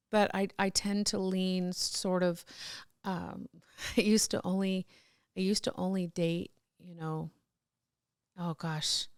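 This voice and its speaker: A woman's voice: fairly low pitch, gravelly, a little mellow, no room sound, clean studio sound. A middle-aged woman telling candid personal stories as a podcast guest, rambling with restarts and laughs.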